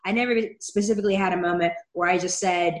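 A woman's voice: fairly low pitch, steady tone, fast talker. A woman from Seattle telling a personal story in a candid, chatty way, with a wry, self-deprecating humor. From Seattle, USA. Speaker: guest sharing a personal story. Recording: roomy echo.

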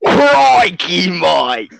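A man playing an over-the-top stereotypical Australian bloke in a put-on Australian accent for a comedy podcast bit, rambling deadpan and full of catchphrases. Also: sits high, drawn-out words, creaky, no echo, exaggerated voice, low-quality recording. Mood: yarn-spinning.

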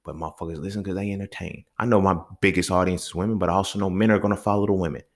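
A man's voice: fairly even intonation, very fast. Heated, profane young man ranting. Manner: heated, profane, swings between loud outbursts and low mutters. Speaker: podcast host. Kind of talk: solo podcast rant.

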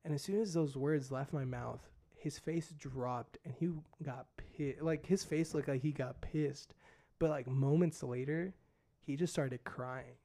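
A man's voice: mid-range voice, a little slow, mellow. A young man, a missionary guest, casually telling a story and saying "dude" and "like" a lot. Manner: laid-back, fillers like "dude" and "like".

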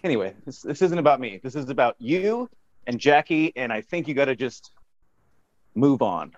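A man's voice: mid-range voice, lively intonation, moderate pace. A man improvising a rambling, goofy tech support agent in a comedy phone call.

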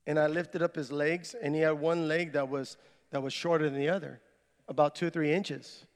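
A man delivers a sermon in a high, lifted voice, turning his testimony into a lively retelling. His words carry a long reverb, like a church sanctuary. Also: moderate pace. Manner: animated storyteller, reenacts his own words. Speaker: preacher. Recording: echoey hall with long reverb.

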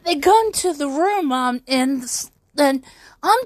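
A woman's voice: sits high, animated, a little slow, no room sound. A young woman telling an upsetting personal story on her vlog, rambling with many restarts and fillers. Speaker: YouTuber.

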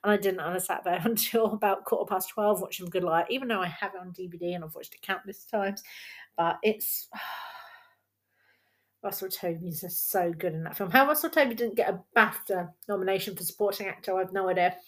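A woman hosts a casual solo film podcast from home, talking into her laptop's built-in mic. She is chatty and rambling, and she laughs often. Her voice sits at a middling pitch. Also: fairly quick. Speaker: podcast host.

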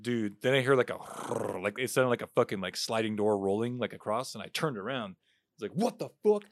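A man's voice: lowish voice, fast talker, dry recording. Young man, casual podcast storyteller, profane, dry close sound. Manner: profane, animated storyteller acting out quotes. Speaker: podcast co-host.

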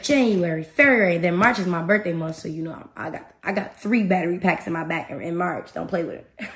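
A woman hosting a podcast in a casual motivational talk, animated and emphatic, speaking straight to her listeners. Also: fairly low pitch, brisk. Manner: animated and emphatic, addresses listeners directly, acts out her own thoughts. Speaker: podcast host.

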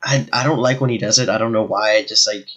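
A man's voice: lowish voice, quick pace, a bit bright, poor audio. A man co-hosting a casual movie podcast, talking in a laid-back way with many fillers and restarts. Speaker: podcast co-host.

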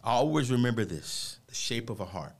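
Gravelly, earnest motivational speaker. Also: male voice, medium pitch, animated, moderate pace. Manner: earnest, preachy, peppers speech with "man". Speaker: motivational speaker, radio guest. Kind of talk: emotional personal storytelling.

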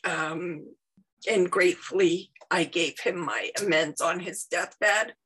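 A tearful woman sharing heartfelt, halting thanks on a video call. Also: lowish voice, fairly bright tone, breathy edge. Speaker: meeting participant.

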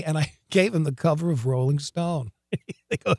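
A man telling wild stories in an interview, excitable and profane, stammering, laughing often and breaking into loud shouts. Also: a little high, normal speed, no room sound, studio quality. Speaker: guest, rock singer. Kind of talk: animated storytelling in an interview.

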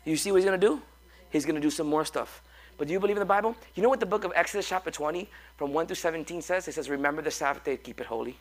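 A male pastor preaching a sermon, animated and joking as he coaxes his congregation along. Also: on the high side, racing. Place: church.

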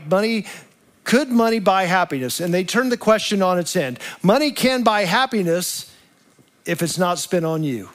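Pastor, male, high voice, chatty storytelling sermon full of rhetorical questions. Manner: addresses listeners as friends.

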